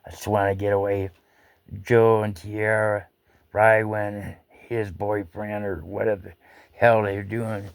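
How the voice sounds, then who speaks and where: A storyteller with a lowish, level voice, speaking a little slowly with no echo, rambles through a personal anecdote. His talk is salty and folksy, full of casual swearing, and he keeps restarting his sentences.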